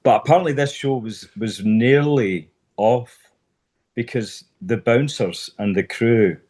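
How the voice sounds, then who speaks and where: A low-voiced man settles into a long anecdote on a chat podcast. His delivery is relaxed and easygoing, with plenty of asides. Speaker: podcast co-host. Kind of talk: casual storytelling chat.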